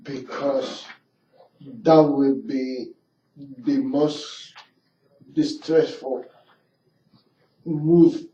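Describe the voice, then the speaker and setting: Slow, rambling male radio host. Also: medium pitch, steady tone, mellow. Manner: rambling, halting, full of filler pauses. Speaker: radio talk show host. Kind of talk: casual radio talk. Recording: roomy lo-fi radio studio mic from a distance.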